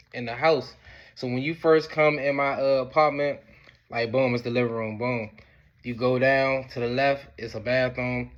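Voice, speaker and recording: A man telling a personal story in casual, slangy speech, with lots of fillers. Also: highs cut off. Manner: slangy, laid-back, peppered with "boom" and "whatever the case may be".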